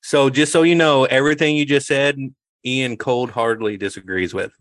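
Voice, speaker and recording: A man's voice: mid-range voice, steady tone, moderate pace, fairly bright tone, no room sound. A man co-hosting a casual movie review podcast, teasing his guests, laughing often and leading the questions. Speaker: podcast co-host.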